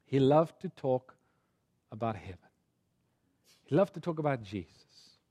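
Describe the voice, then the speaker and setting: A man preaching a sermon through a personal story, his delivery swinging from hushed tones to fervent pleading. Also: medium pitch, animated, a little slow.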